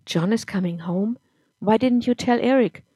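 A woman voicing a hurt young wife who speaks quietly and pleadingly in a story reading. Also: mid-range voice, moderate pace, husky, no echo, natural voice. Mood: shocked, pleading. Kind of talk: audiobook-style story reading.

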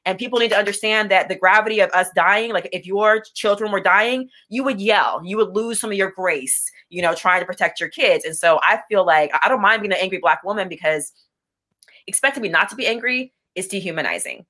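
A woman's voice: medium pitch, a little fast, pushed and bright. A young adult woman as an interview guest, speaking candidly with blunt intensity and frequent restarts. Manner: impassioned, blunt, repeats words when starting sentences. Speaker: interview guest, business owner.

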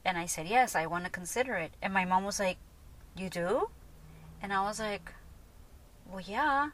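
A woman in her thirties tells her own story on her podcast, frank and conversational, with fillers scattered through her talk. Her voice sits at an ordinary middle pitch for a woman. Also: quick pace, a bit bright. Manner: candid, chatty, full of "like" and "you know". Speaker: podcast host. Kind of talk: personal storytelling monologue.

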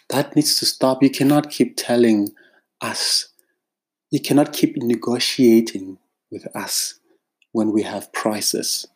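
A man's voice: lowish voice, a little mellow. A South African man, a freelance creative, speaking in an emphatic, exasperated monologue straight to camera. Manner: emphatic, exasperated, drawn-out phrasing.

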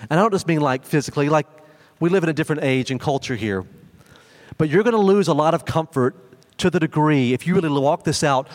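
A young adult man preaching a sermon as pastor, talking in a casual, conversational way with frequent fillers, in a church sanctuary. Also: fairly high pitch. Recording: long hall reverb.

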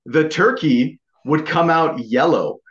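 A man from Canada, co-hosting a podcast in animated, casual chat that is peppered with swearing and "right?". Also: fairly high pitch, slow. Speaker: podcast co-host. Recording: dull lo-fi sound.

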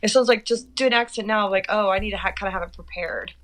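A woman's voice: medium pitch, quick pace, a bit bright. A woman with a light Southern accent from Arkansas chats as an interview guest. She is loose and giggly and fills her talk with "like." Her voice sits in an ordinary middle range. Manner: says "like" often, giggly. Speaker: actress, guest. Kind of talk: casual interview chat.

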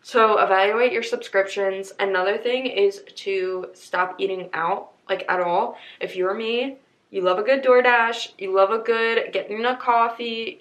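A woman's voice: medium pitch, a bit bright, roomy sound, poor audio. A young woman in her twenties hosting a podcast, chatting casually and upbeat, speaking straight to her listeners. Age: 20s. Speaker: podcast host. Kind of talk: casual chat.

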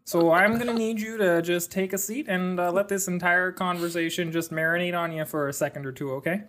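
A calm, reserved Canadian fellow with a thick put-on Canadian accent, as a podcast host puts him on, speaking slowly and soothingly. His voice is a touch higher than a plain man's, and he stays easygoing and folksy. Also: slight background noise. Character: laid-back, reserved Canadian man who keeps saying bud. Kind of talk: comic impression on a podcast.

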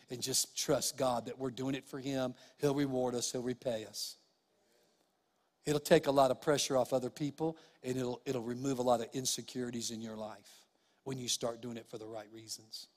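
A middle-aged man preaching a sermon, telling humorous stories and often dropping to soft, quiet tones. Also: mid-range voice. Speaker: pastor. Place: church sanctuary. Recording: long church hall reverb.

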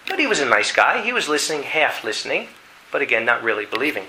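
A man preaching a sermon, telling a dramatic story in an animated way and reading scripture aloud. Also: mid-range voice, fast talker, a little hiss or hum, rough recording. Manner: animated storytelling, acting out voices.

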